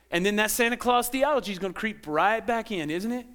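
High-voiced, animated preaching man. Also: a little fast, few pauses. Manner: animated preaching, stammers and repeats words, asks the congregation questions. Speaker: pastor. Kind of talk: sermon.

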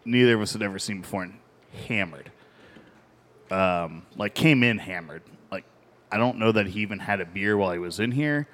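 A man's voice: on the low side, normal speed, a bit bright. A man with a Midwestern American accent, telling a story in casual podcast chat with dry humor. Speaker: podcast co-host.

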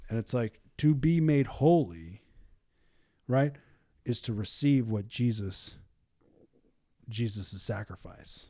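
A man leading a casual Bible study, reading scripture slowly and acting out biblical figures in lively everyday speech. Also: mid-range voice, dry recording. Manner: reads scripture slowly and deliberately.

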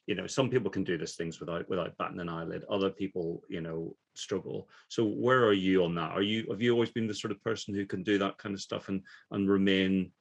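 A man interviewing a guest in a relaxed, rambling way, often saying "you know". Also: sits low, brisk, gravelly, few pauses, breathy edge. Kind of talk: conversational interview.

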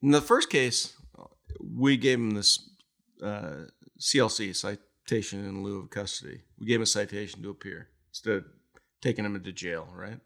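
A man's voice: on the low side, normal speed, creaky, a bit bright. A man, a retired police officer, telling stories in a casual interview, laughing often and swearing casually.

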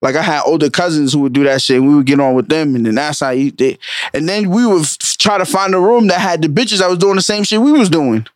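A young man co-hosting a podcast, chatting casually, blunt and quick to argue. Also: fairly high pitch, no echo, clean studio sound. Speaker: podcast co-host. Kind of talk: casual chat.

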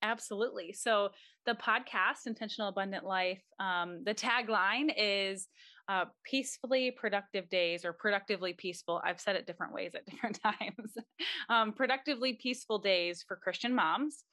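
A woman's voice: medium pitch, normal speed, sharp tone, no echo, studio quality. A young woman, a mom, giving earnest and encouraging faith-based advice as a podcast guest. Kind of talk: casual interview talk.

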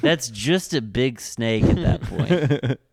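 A man's voice: medium pitch, animated, takes it slowly, a little mellow, dry recording, clean studio sound. A tipsy man hosting a casual chat podcast, joking loosely and laughing often. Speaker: podcast host.

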